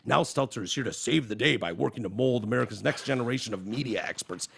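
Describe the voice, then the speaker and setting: A man hosting a podcast, talking in an animated, profane, casual way about the news. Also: mid-range voice, fast talker, gravelly, husky. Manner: animated, profane, reads quotes aloud. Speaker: podcast host. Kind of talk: casual political chat. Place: podcast studio.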